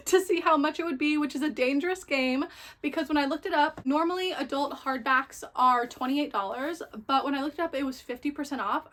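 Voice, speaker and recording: High-voiced young woman, chatty book vlogger; gushing, filler-heavy casual delivery. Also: a bit bright. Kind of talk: casual book haul chat.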